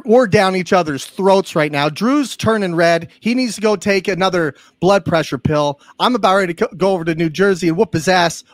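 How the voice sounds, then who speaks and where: A man hosting a casual sports podcast, excitable and teasing as he trades jabs with his co-host. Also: high-pitched, no echo, clean studio sound.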